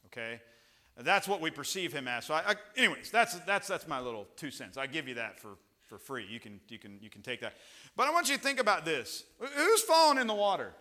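Animated, bright-voiced male pastor. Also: medium pitch. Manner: conversational, rambling with asides and restarts; rises to loud, emphatic peaks. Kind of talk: sermon.

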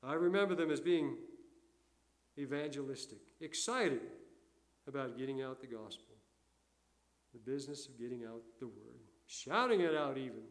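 An older man preaching a sermon in a folksy storytelling way, alternating loud emphasis with quiet asides. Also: medium pitch, expressive, normal speed, pauses often. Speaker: pastor.

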